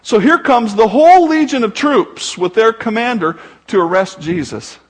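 Pastor, male, high and husky; conversational sermon delivery with joking asides. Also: expressive, normal speed.

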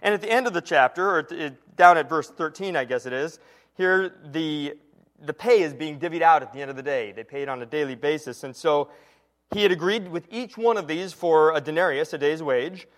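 A man preaching a sermon in an earnest teaching tone, slowing and dropping quiet to stress key lines. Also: on the high side.

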